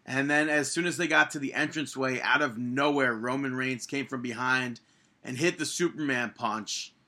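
Young male podcast co-host, bright voice, opinionated and exasperated recapping. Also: mid-range voice, moderate pace. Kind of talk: casual wrestling podcast chat.

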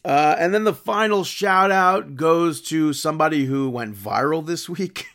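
A man's voice: on the high side, a little slow. Chatty laid-back man podcasting. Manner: relaxed, chatty, laughs often. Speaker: podcast co-host. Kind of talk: casual chat.

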